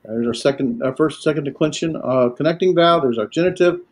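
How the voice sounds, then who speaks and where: Husky man teaching in halting lecture. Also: fairly high pitch. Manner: halting, many filler pauses. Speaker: Greek teacher. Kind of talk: classroom lecture.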